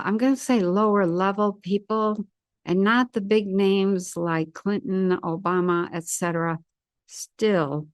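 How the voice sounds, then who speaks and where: A woman giving a solo commentary as an intuitive commentator, measured and deliberate, with firm opinions. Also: medium pitch, no room sound, clean studio sound.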